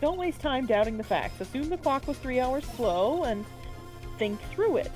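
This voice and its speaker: A woman plays a firm mentor lawyer who coaches with insistent urging. Her voice sits a touch high, with faint game music behind. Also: very animated, moderate pace, darkish tone. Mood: urgent.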